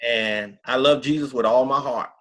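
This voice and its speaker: A man's voice: mid-range voice, moderate pace, a bit bright. A middle-aged man, a pastor, telling his story in an interview with emphatic, earnest country talk. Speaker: pastor, guest.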